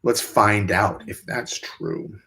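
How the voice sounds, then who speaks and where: Slow and forceful, with wildly swooping pitch, vocal fry and a bright tone, a young livestream host reads viewer questions. He rambles in a crude, offhand way and leaps into high mocking voices to quote people.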